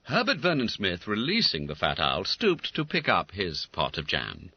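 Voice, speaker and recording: A man narrating an audiobook in a comic, animated storytelling manner, on a dull lo-fi recording. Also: low-pitched, normal speed, breathy edge, no room sound. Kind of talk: scripted narration.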